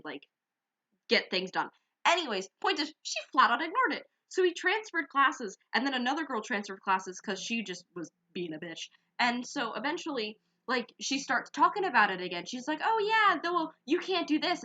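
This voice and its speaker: A teenage girl co-hosting a casual podcast, telling a school story in an animated, indignant way. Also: on the high side, lo-fi sound. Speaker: podcast co-host.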